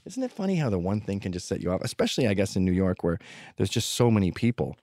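A man's voice: sits low, sing-song, fast talker, mellow, no echo. A man telling rambling, profane stories with sardonic humor in a comedic monologue. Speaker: podcast host telling stories.

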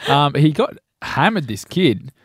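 A man's voice: a little high, very animated, measured pace, slightly rough, dry recording, studio quality. An Australian man co-hosting a breakfast radio show, joking and laughing through the banter. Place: radio studio. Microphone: studio microphone.

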